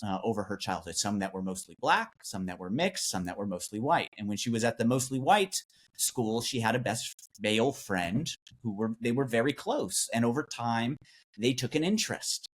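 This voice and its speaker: A man's voice: moderate pace, husky. A man co-hosting a talk show, thoughtfully recounting stories from guests in a conversational way. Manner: thoughtful, recounts guest stories, pitch jumps when animated. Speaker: podcast co-host. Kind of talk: conversational discussion.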